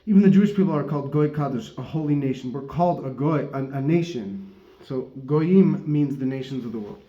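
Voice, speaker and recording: A man's voice: medium pitch, a little fast. A man giving a casual Torah teaching, who rambles, corrects himself and laughs often. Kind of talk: casual religious teaching talk. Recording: dull, roomy recording.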